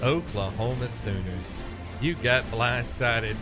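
A man co-hosting a casual sports talk show, ranting and teasing his co-host with big swings in pitch and volume. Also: slow, over music. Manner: teasing, animated, loud rants.

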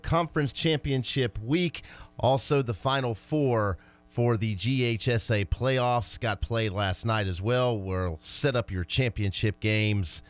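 A man hosts a sports talk radio show, talking about high school and college football with fired-up energy.

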